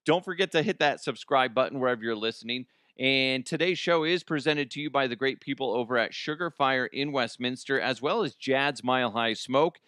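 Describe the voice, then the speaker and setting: A man's voice: medium pitch, a little fast, hardly any pauses, bright, forceful tone, smooth, dry recording, clean studio sound. A man hosting a comic news podcast, rambling and joking with frequent laughs. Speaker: podcast host.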